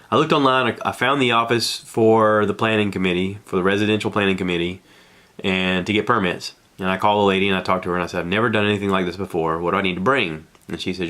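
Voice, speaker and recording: A man's voice: sits low, fairly bright tone. A middle-aged man hosting a podcast, telling a casual, rambling and self-deprecating story from his back porch, acting out what people said. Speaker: podcast host.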